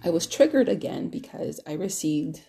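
Female podcast host, low dark voice with vocal fry, candid rambling monologue. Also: animated, moderate pace. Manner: candid, rambling storytelling with many restarts.

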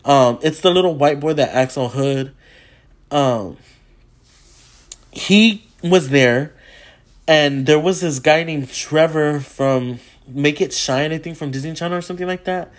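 Excitable, foul-mouthed man telling a story. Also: a little high, a little slow. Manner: acts out quotes with gasps and laughter. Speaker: vlogger. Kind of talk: casual story time.

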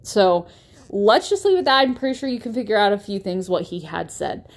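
A woman's voice: medium pitch, animated, a little fast. A young woman hosting a podcast, telling a personal story in a candid, blunt way, swearing freely and restarting her sentences with lots of fillers. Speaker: podcast host.

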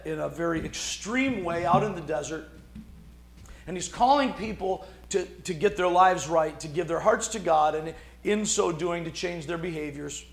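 A man's voice: on the high side, gravelly, echoey room. A man preaching a sermon in a conversational, emphatic way. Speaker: pastor.

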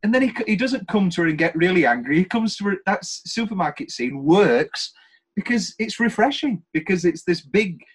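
A man's voice: high voice, lively intonation, a little fast, breathy edge. A man co-hosting a podcast, chatting casually and enthusiastically about a film, rambling with restarts. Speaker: podcast co-host. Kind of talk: casual film review chat.

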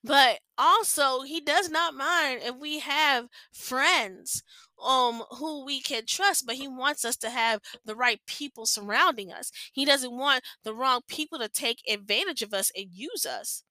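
A woman's voice: high-pitched, a little slow, pushed and bright, no echo. A young adult woman hosting a faith-based podcast, talking earnestly in a rambling way with many restarts. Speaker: podcast host.

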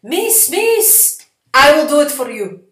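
A woman's voice: high voice, very animated, takes it slowly, fairly bright tone, recorded from a distance, voice pushed up, exaggerated voice. A woman voicing an eager, flirtatious male waiter, in an echoey room.

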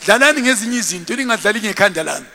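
A man's voice: sits high, expressive, racing, vocal fry, pushed and bright, long reverb tail, full character voice. A man acting out an indignant anointed older man scolding children who mock him, chiding and half-laughing.

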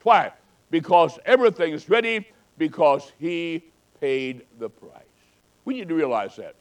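A man preaching a sermon with a higher-pitched voice. He swings between loud, fervent calls and quiet, hushed storytelling, in the manner of a travelling evangelist. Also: expressive, measured pace, rough recording.

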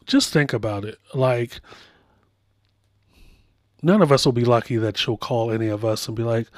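A man hosting a casual pop culture podcast, telling stories with lively asides and playful voiced impressions. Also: medium pitch, moderate pace, pauses often, no room sound. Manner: animated storytelling with playful impressions. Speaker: podcast host.

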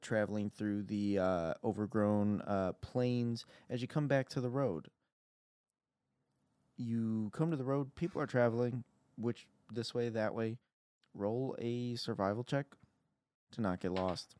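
A man narrating a tabletop role-playing game as game master, in a casual, halting way with many fillers. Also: on the low side, fairly even intonation, warm tone, clean tone, dry recording.

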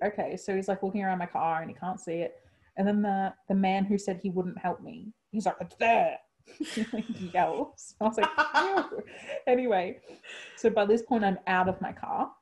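An Australian woman spinning a yarn in casual chat, with a mellow, warm tone. She laughs easily and throws herself into quoting people. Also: medium pitch. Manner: animated, laughs often, acts out quotes.

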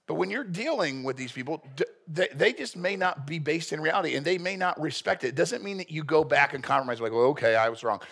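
A man's voice: fairly high pitch, expressive, fairly quick, gravelly, a bit bright, husky. A male pastor preaching a sermon in a blunt, earnest, joking manner.

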